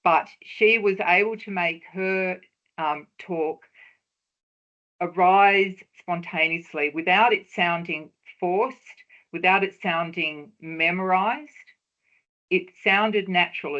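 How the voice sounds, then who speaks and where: Woman giving a measured webinar lecture. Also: fairly low pitch, a bit bright, highs cut off. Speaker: webinar presenter on research talks.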